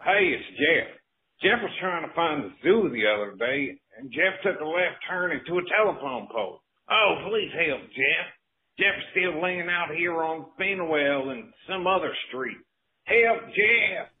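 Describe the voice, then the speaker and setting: A man's voice: a little high, lively intonation, a little slow, narrow, tinny audio. A man voicing a dim-witted caller who talks about himself in the third person, whining for help. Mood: pleading.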